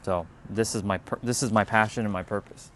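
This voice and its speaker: A man's voice: fairly low pitch, steady tone, brisk, a bit bright, slight background noise. Rambling man on a livestream. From Canada. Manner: rambling, restarts words, loose and candid. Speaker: livestreamer talking to chat. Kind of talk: casual live-stream chat.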